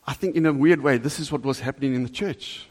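A man preaching a sermon to a congregation, earnest and animated, asking the listeners direct questions. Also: mid-range voice, quick pace. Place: church hall before a congregation. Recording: long reverb of a large hall.

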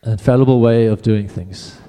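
A man's voice: on the low side, moderate pace, mellow, clear, resonant tone, big-room sound. A man preaching a sermon in a casual, conversational way, often restarting his phrases.

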